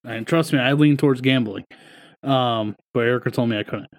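A man's voice: medium pitch, brisk. A young man co-hosting a sports podcast from home, talking bluntly and swearing as he tells stories. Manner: blunt, profane, storytelling. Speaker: podcast co-host. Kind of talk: casual chat. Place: home, streaming over Wi-Fi.

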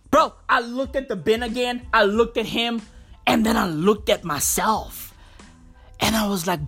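Brash high-voiced woman ranting. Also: a little slow, fairly bright tone, breathy edge, soft background music. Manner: brash, swaggering, expletive-heavy bro talk. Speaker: comedian. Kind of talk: profane comic rant.

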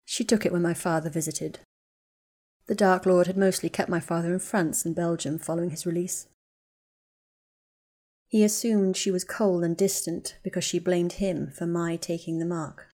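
A woman's voice: fairly low pitch, fairly even intonation, normal speed, mellow, lightly acted. A woman reading the lines of a guarded, bitter young wizard man in a storybook, speaking in terse, clipped lines.

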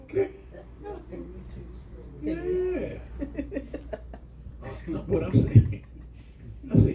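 A middle-aged man preaches, his gravelly voice leaping high and dropping low as he drives the sermon. He is picked up from a distance in an echoey church room. Congregation members answer him from the pews. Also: unhurried, long pauses, crowd noise. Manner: animated preaching with call-and-response. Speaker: pastor. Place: church hall. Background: congregation responding.

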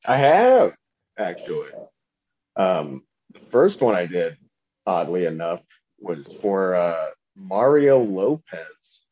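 A man's voice: low voice, muffled recording. A man, a voice actor, chatting loosely on a podcast and rambling between thoughts. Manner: rambling, drops into celebrity impressions. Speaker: voice actor guest. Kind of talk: casual podcast chat.

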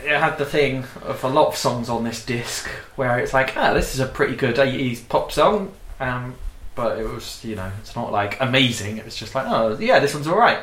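A man's voice: mid-range voice, animated, normal speed, few pauses, a bit bright, roomy sound, a little hiss or hum. A man making laid-back, offhand remarks in a casual music chat. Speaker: podcast co-host reviewing songs.

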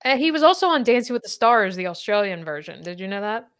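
A woman in her thirties hosts a casual podcast chat. Her pitch sits in the middle of the female range but leaps up and down as she quizzes her guest in a chatty, playful way. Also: very animated, quick pace, a bit bright. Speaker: podcast host.

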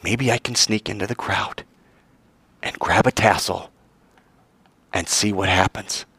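A male preacher delivering a dramatic sermon, acting out the voices of the story and climbing high in pitch to stress his points. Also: unhurried, a bit bright, husky, dry recording. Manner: dramatic, acts out voices and soars in pitch for emphasis.

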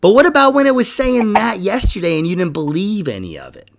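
A man's voice: high-pitched, sing-song, brisk, gravelly. A young adult man hosting a podcast in casual chat, rambling and swearing, trailing off and laughing often. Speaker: podcast host.

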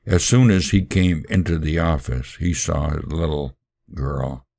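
Very deep, gravelly male storyteller. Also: a little mellow, no echo. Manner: earnest, unhurried, with occasional fillers. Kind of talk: first-person story reading with sermon-like asides.

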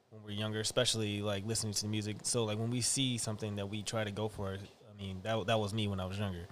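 A man's voice: lowish voice, slight background noise. A young man as a podcast guest, easygoing and slangy, laughing often. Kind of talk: casual podcast chat.

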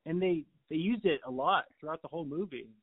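Higher-voiced man on a phone line. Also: fast talker, breathy edge, no echo. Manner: asks questions, short agreeing replies. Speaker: movie podcast co-host. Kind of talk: casual chat.

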